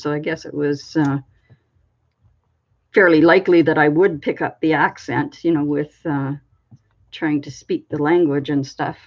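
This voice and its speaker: A woman from Canada, hosting a crafting channel, chatting in a meandering way with a slight frog in her throat that she keeps clearing. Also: sits low, darkish tone. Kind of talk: casual rambling chat. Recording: dull lo-fi recording.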